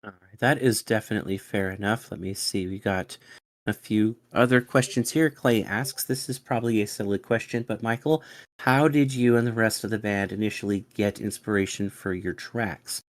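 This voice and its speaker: Eager man reading fan questions, low dry voice. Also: moderate pace, no room sound. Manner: eager, excitable, stumbling over words. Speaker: fan club host. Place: home studio.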